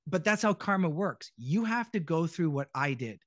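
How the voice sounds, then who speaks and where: A middle-aged man with a fairly high voice tells stories on a podcast, acting out every quote and swearing freely. The sound is close and dry, with no room around it. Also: normal speed, no room sound. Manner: animated storyteller, acts out quotes, swears freely. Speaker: podcast guest, voice actor. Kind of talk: casual podcast chat.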